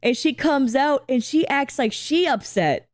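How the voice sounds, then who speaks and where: Lively woman telling a story in casual chat. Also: high-pitched, a little slow, no echo, clean studio sound. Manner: animated storyteller, laughs often, swears freely. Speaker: host reacting to videos.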